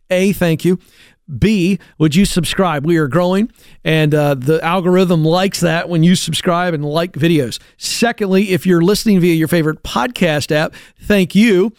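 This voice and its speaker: A man's voice: high voice, a little mellow, no echo. A man hosting a career advice show, talking emphatically and with a coach-like push. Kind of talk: energetic talk-show monologue.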